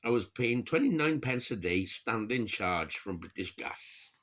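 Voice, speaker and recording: A man's voice: fairly low pitch, expressive, a little slow, a bit bright. A middle-aged man from Wales, rambling and grumbling to camera, swearing a lot and laughing at his own remarks. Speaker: vlogger. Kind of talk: rambling casual monologue.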